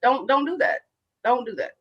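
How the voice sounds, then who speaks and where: A woman chatting as a guest on a talk show, laughing often and acting out quoted lines in a flat voice. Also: high voice, normal speed, slightly rough, dull audio. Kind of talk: casual chat.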